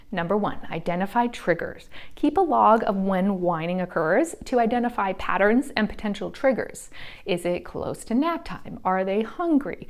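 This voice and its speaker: A woman delivers a scripted parenting lesson at an even, unhurried pace. Her voice sits in a middle register, and her tone stays calm and reassuring. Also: medium pitch. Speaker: parenting educator. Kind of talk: scripted educational explainer.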